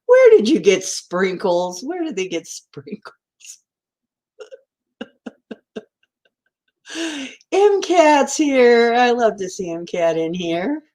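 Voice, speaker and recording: A woman's voice: fairly high pitch, sing-song, slow pace, long pauses, a little mellow. A woman hosting a casual live stream from home, greeting viewers by name and rambling in a giggly, stream-of-consciousness way. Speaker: livestream host.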